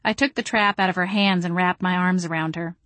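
A woman's voice: fairly low pitch, fairly even intonation, a little fast, a bit bright, no echo. A woman narrating a novel in first person with a dry, wry delivery. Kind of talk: audiobook narration.

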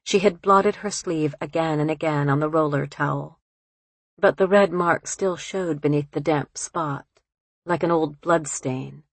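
A woman reads a literary story aloud in a low, unhurried voice. Her delivery is measured and even, recorded close and dry with no room sound. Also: husky, no echo. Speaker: narrator. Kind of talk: audiobook narration.

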